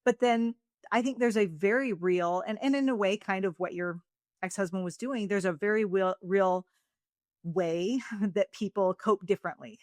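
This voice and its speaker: A woman's voice: mid-range voice, moderate pace, a little mellow, no echo, clean studio sound. A woman hosting a podcast interview, speaking in a thoughtful, reflective way with long, winding sentences. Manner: thoughtful, reflective, rambling phrasing. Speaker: podcast host. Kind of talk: interview conversation.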